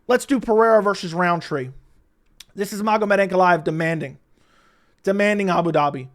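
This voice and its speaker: A man's voice: high-pitched, a little fast, fairly bright tone. A man hosting an online combat sports commentary channel, reading tweets aloud and mocking them in a heated, opinionated rant. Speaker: MMA commentary channel host.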